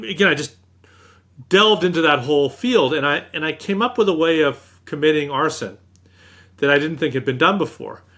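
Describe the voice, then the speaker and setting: A middle-aged man, an author being interviewed, telling animated anecdotes and acting out what others said. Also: a little high. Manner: animated anecdotes, acts out quoted speech. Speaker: author guest. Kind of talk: interview storytelling.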